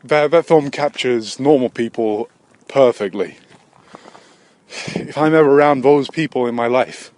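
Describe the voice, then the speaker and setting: A man vlogging on his own outdoors with a handheld camera. He rambles crudely and mocks himself, breaking into sudden silly shouted voices. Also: mid-range voice, a little slow, long pauses, no echo. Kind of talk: rambling solo vlog.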